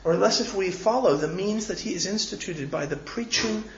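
A man's voice: high-pitched, fairly quick, a little hiss or hum. A man preaching a sermon as pastor, earnest and pleading, often repeating words as he goes. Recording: echoey, slightly dull room recording.

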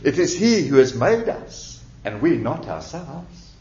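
A man preaching a sermon in an emphatic, lively voice that climbs and dips as he leans on key words. His voice sits a little high for a man. The recording is roomy and dull, as if captured from a church hall. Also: unhurried. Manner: emphatic preaching, repeats key words, rising and falling delivery. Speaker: pastor.

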